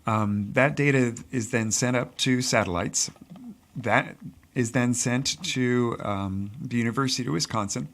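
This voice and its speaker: Gravelly-voiced man explaining earnestly. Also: medium pitch, unhurried, a bit bright. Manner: earnest, explanatory, many fillers. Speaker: teacher and guest. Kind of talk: radio interview answers.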